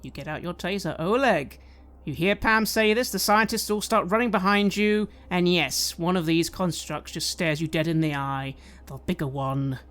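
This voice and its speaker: A woman's voice: lowish voice, normal speed, fairly bright tone. A woman narrating a tabletop game as game master, describing scenes and asking players what they do. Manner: descriptive, occasionally hesitant.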